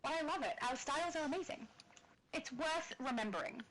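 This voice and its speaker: A woman's voice: high voice, animated, a little fast, fairly bright tone, a little hiss or hum, rough recording. Giggly woman from Australia. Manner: giggly, laughs often. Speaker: livestream host. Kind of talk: casual stream chat reading comments.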